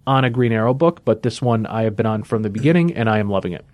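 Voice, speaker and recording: A man's voice: lowish voice, lively intonation, fast talker, a little mellow, dry recording. Man chatting about comics, dry sound. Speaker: comic book podcast co-host. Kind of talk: casual chat.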